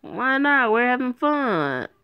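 A woman's voice: a little high, sing-song, takes it slowly, clear, resonant tone, dry recording, highs cut off, pitched above the performer's own voice, exaggerated voice. A woman voicing a mischievous young girl who teases and coaxes her little sister. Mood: teasing. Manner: teasing, pleading.

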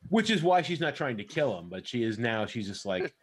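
A man's voice: mid-range voice, very animated, a little fast, breathy edge. A man narrating as the dungeon master of a tabletop game, loose and laughing, with many restarts.

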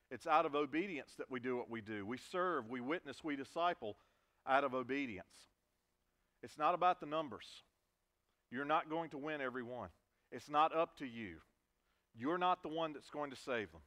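A man's voice: fairly high pitch, a bit bright. A man preaching a sermon in a church, earnest, stressing key words and repeating them for emphasis. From Virginia, US. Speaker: pastor. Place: church sanctuary.

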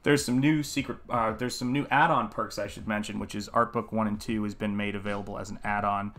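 A man's voice: lowish voice, steady tone, brisk, fairly bright tone. A man hosting a live painting stream, talking in a casual, earnest, musing way and greeting viewers in the chat by name.

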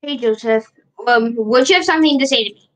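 A woman's voice: fairly high pitch, brisk, low-quality recording. A woman streaming live, chatting casually to herself while she shares her screen and repeats her questions.

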